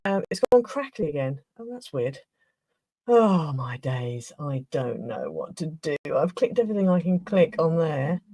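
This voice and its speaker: Lady rambling on her craft livestream, bit flustered, throat a bit rough, gravelly, dry close sound. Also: low voice, very animated, a little slow, mellow, no echo, low-quality recording. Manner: chatty, flustered, trailing off and restarting. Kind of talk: casual livestream chat.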